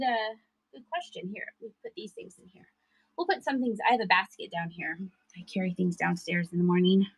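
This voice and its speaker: Talking to her chat viewers during a live-streamed thrift sale, this seller keeps things chatty and giggly, laughing a lot. Her voice is medium-pitched, creaky, and slightly rough, recorded with no room sound and poor audio.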